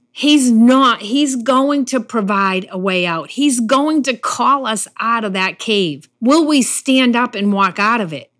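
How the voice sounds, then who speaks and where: A woman preaching a sermon in an earnest way, sometimes acting out the lines of the figures in the story she tells. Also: on the high side. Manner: earnest, acts out the Bible figures' lines in quotes.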